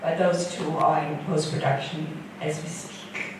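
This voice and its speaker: A woman poet and filmmaker reading her poems slowly and rhythmically, then answering audience questions. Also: low voice, level tone. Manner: slow, measured, rhythmic delivery. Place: event hall. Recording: echoey hall from far off, faint noise.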